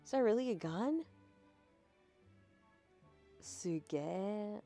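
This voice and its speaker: A woman's voice: mid-range voice, expressive, very slow, warm tone. A woman streamer casually live-translating a game, with chatty, laughing asides. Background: game music.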